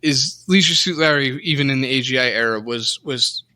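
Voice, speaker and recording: Rambling through a laid-back podcast talk on old games, this co-host keeps restarting, using fillers and mocking himself. He speaks at a moderate pace in a mid-range voice that's bright and forceful.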